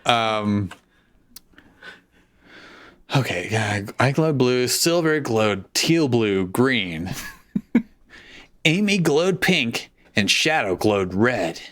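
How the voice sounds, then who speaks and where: A man hosting a live comedic fanfiction reading, his voice mid-pitched and lively as it bounces up and down. He narrates at an unhurried pace and keeps slipping into giggles between the lines. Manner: giggly, laughs through the lines. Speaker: host and narrator.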